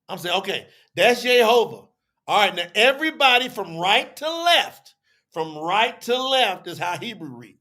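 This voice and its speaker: A man with a high voice and a bright, sharp tone, teaching a live audience. He talks in a loose, chatty way and acts out both sides of an argument. He circles back and repeats his points as he explains. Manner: repetitive, drawn-out explaining. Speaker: teacher on a religious telethon.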